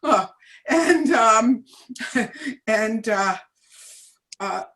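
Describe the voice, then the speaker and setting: A woman's voice: fairly high pitch, animated, very slow, fairly bright tone. A woman in her seventies from New Jersey, reminiscing as an interview guest, hesitant, with many ums and restarts. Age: 70s. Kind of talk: casual reminiscing chat.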